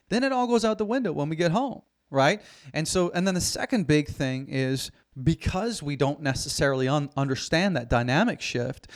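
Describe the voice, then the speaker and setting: A man, an executive coach, speaking as a podcast guest in an earnest, storytelling way. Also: on the high side. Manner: earnest, storytelling, quotes his clients. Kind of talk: podcast interview.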